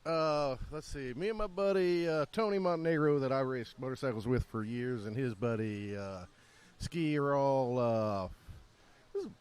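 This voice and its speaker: A man's voice: mid-range voice, moderate pace, a little mellow, smooth. A man co-hosting a podcast, telling laid-back, profane anecdotes in casual chat. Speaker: podcast co-host.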